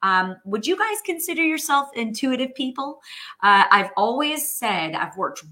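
A woman's voice: high voice, very animated, normal speed, pushed and bright. A woman, hosting a casual live stream, chatting with viewers, greeting them by name and filling in with lots of ums and restarts. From New York. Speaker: host of live stream, sales coach.

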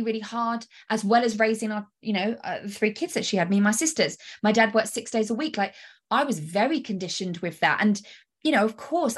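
A woman hosting a solo coaching podcast, talking energetically and emphatically straight to the listener. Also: medium pitch. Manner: energetic, emphatic, direct address with rhetorical questions.

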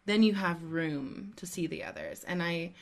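A woman's voice: fairly low pitch, moderate pace, gravelly. A middle-aged woman hosting a parenting podcast, a couples therapist speaking in a reflective, emphatic way. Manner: reflective, emphatic, building on the guest's points. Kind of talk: podcast interview.

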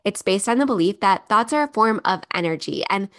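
A woman's voice: medium pitch, lively intonation, brisk, fairly bright tone. A woman in her thirties hosting a solo podcast, talking in a heartfelt, emotional way. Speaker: podcast host.

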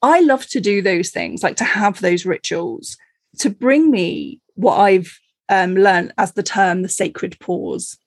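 A woman from Cornwall hosting a podcast interview, chatty and quick to laugh, with lots of fillers. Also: medium pitch, expressive, no room sound. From Cornwall, England. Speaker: podcast host. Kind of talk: casual conversational interview.

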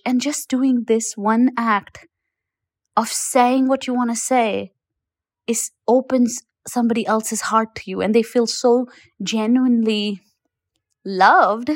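A woman coach with a higher voice talks straight to the listener, direct and emphatic, repeating key points and reassuring them. The voice note sounds close and dry, with no room echo. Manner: encouraging, addresses listener as you. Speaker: confidence coach. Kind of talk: motivational podcast talk. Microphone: recorded as a voice note.

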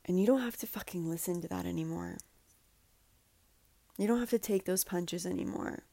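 Female podcast host, earnest and heartfelt, slightly low gravelly voice, dry close sound. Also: normal speed, no room sound. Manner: earnest, heartfelt, says "like" often; drops to soft, breathy guidance during a breathing exercise. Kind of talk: emotional solo podcast talk.

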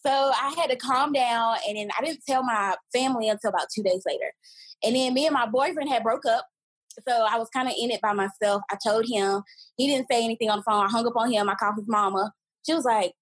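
A young woman in her twenties tells her own story on a podcast, candid and animated. Her voice is fairly high and a little husky. She is recorded close up in a dry space. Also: fairly quick, no echo, poor audio. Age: 20s. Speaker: podcast guest. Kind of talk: casual storytelling.

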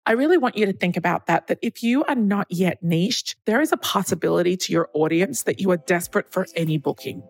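A woman's voice: fairly low pitch, fairly quick, breathy edge, dry recording. A woman hosting a solo podcast, talking in a chatty, candid way and acting out the people she quotes. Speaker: podcast host.

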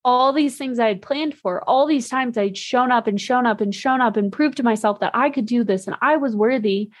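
A woman's voice: on the high side, normal speed, no echo. A young woman hosting a podcast, talking candidly in a rambling way, with lots of "like" fillers and casual swearing. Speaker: podcast host. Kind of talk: casual monologue.

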